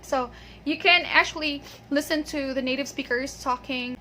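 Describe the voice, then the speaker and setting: A woman with a high voice leads a pronunciation lesson, drilling one word at a time. Her tone is bright and clear. She repeats words slowly so the listener can copy them. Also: a little hiss or hum. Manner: patient, drills words and checks with "okay?". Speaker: English pronunciation teacher.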